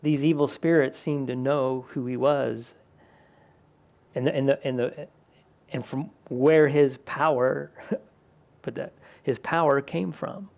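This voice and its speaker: A man's voice: medium pitch, steady tone, slow, gravelly, pauses often, a little mellow. A man, a pastor, preaching a conversational sermon in a church, lifting his voice when he quotes the people in the scripture. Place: church sanctuary.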